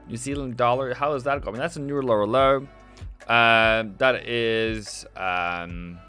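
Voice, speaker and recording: A man's voice: a little high, bright, forceful tone. A man hosting a live trading stream, chatting casually as he goes over charts, asks and answers his own questions, and teases viewers in the chat. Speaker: livestream trading host. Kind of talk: casual livestream market commentary.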